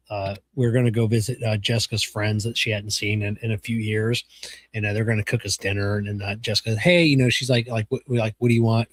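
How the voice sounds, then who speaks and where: A man's voice: fairly low pitch, no echo. A man co-hosting a podcast, telling stories in a loose, rambling way full of fillers. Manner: rambling, many fillers like "you know" and "like". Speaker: podcast co-host. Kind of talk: casual chat.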